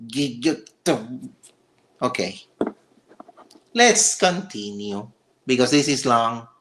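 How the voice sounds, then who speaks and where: A man hosting a livestream, reacting to a video with sarcastic, exasperated commentary and excited stammering. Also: mid-range voice, slow, a little hiss or hum. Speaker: livestream host.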